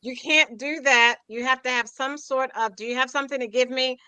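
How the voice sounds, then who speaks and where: A man's voice: very high voice, fairly even intonation, fairly quick, a loud crowd. A man hosting a political talk show, moderating and cutting in firmly to demand sources. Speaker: host.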